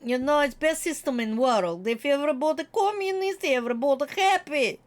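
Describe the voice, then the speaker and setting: A smug, boasting strongman who talks in broken English and sing-songs his slogans. A woman puts him on mid-stream, her pitch riding high. He sneers at everyone else's way of life. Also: big pitch swings, moderate pace, gravelly, a bit bright, heavily acted. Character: gloating mock-Russian communist strongman, older man.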